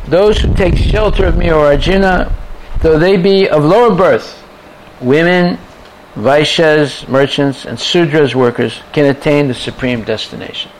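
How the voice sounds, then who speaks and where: A man's voice: a little high, unhurried, a little hiss or hum, rough recording. Emphatic male scripture teacher. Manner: emphatic, rhetorical questions, recites verses. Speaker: spiritual teacher giving a class. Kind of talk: scripture lecture.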